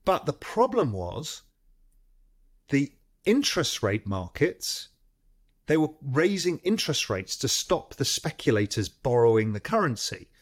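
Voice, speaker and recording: A man, a guest in an interview, telling a long anecdote in a lively way, often restarting his sentences. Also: mid-range voice, a little slow, husky. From United Kingdom. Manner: lively, acts out phone calls, frequent restarts. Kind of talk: storytelling in a long-form interview.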